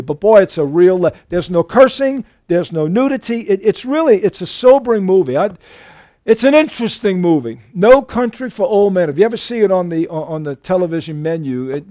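Man, pastor, folksy sermon, high voice, dry close sound. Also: dark tone, no echo. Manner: folksy, emphatic storytelling.

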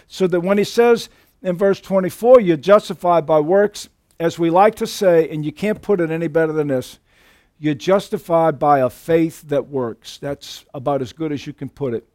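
A man preaching a sermon as a pastor, animated with folksy asides and frequent restarts. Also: on the high side, dry recording, clean studio sound.

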